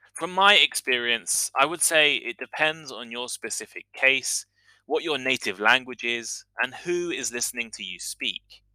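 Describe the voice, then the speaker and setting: A man teaching English on a podcast, talking through pronunciation points in a clear, explanatory way and saying example sounds aloud. His voice is strikingly bright and forward, at an ordinary pitch. The recording is dry and close, with no room sound. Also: dry recording, rough recording. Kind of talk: scripted educational podcast monologue.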